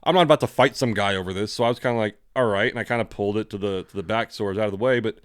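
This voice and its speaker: Talking very fast in a fairly low, clean voice, this man co-hosts a podcast, rambling through anecdotes, voicing his inner thoughts aloud, and cursing casually. There is no echo.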